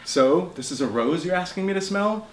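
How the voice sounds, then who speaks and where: A man's voice: sits high, animated, normal speed, voice pushed up. A man reading a dry, exasperated young writer. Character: young adult grandson, a writer, wry and exasperated. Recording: roomy bookshop with faint noise.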